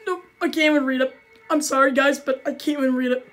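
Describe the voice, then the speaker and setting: Jumpy high-voiced woman reacting. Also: steady tone, fast, a bit bright. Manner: jumpy, stammering, gasping exclamations. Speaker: reaction channel host. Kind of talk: scared reaction commentary.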